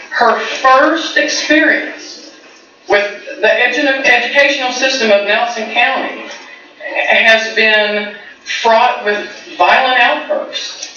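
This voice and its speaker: High-voiced man, echoey distant room. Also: measured pace, pushed and bright, muffled recording. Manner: earnest, insistent, repeating for emphasis. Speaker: parent speaking at a school board meeting. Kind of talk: public comment at a meeting. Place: large meeting room.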